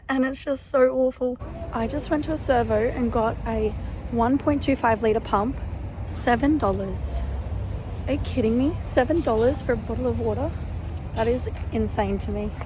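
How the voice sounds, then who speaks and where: A woman's voice: fairly high pitch, a little hiss or hum. Sick young Australian woman vlogging. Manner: chatty, rambling with many "like" fillers. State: sick, coughing and hoarse. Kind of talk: casual vlog chat to camera.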